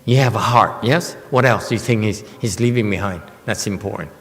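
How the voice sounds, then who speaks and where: A man's voice: fairly low pitch, brisk, a bit bright, long reverb tail. A man teaching Buddhism in a Dharma lecture, often teasing and chuckling with his listeners. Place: temple hall.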